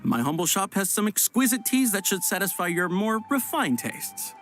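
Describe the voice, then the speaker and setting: An actor voicing an overly polite tea shop vendor in a video game, with a smooth sales pitch that stammers when things go wrong. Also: big pitch swings, normal speed, fairly bright tone. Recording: game audio with faint music.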